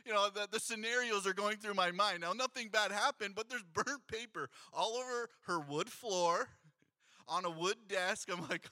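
In a church sanctuary, a pastor in his thirties preaches at normal speed in a very bright, ringing voice that sits high for a man. His sermon is animated storytelling, and he acts out the voices of the people he quotes.

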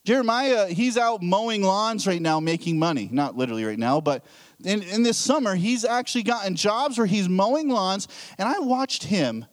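High, lively-voiced pastor in his thirties. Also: normal speed. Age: 30s. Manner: conversational, jokes with the congregation, asks questions. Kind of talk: casual sermon.

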